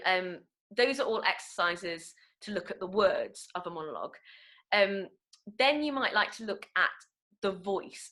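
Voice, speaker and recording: A woman's voice: on the low side, sharp tone. A young woman from England with a Nottingham accent, teaching an online acting workshop in a chatty way, with many ums and restarts. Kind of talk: online webinar talk. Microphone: video call.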